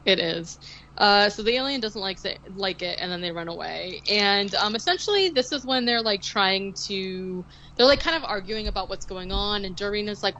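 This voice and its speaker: A woman's voice: mid-range voice, brisk, a bit bright, muffled recording, slight background noise. Rambling woman recapping a movie. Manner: rambling, many likes and ums. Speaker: podcast co-host. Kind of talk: casual movie recap chat.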